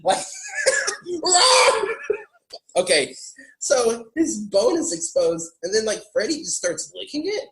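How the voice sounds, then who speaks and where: A man hosting a podcast, chatting casually about a film, animated and laughing often, stumbling over restarts. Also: sits high, normal speed, echoey room, low-quality recording. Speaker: podcast host.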